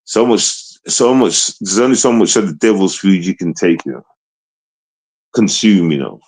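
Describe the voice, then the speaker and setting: A man's voice: lively intonation, normal speed, darkish tone, husky, poor audio. A man talking to his live stream in a rambling, profane monologue, confrontational, often asking if listeners understand. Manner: repetitive, profane, keeps asking "you understand?"; confrontational, swings between low mutter and raised voice. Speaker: livestreamer.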